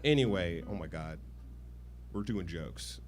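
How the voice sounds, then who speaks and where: A man's voice: low-pitched, lively intonation, measured pace, a little hiss or hum. A man doing a rambling, crude, self-deprecating stand-up set on a comedy stage with a handheld mic. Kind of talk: stand-up set, then casual chat. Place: comedy stage with live audience.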